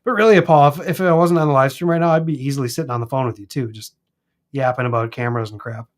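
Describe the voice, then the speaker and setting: A man with a Minnesota accent chatting casually as co-host of a live stream, rambling and animated. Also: medium pitch, fast talker. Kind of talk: casual chat. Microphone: streaming mic.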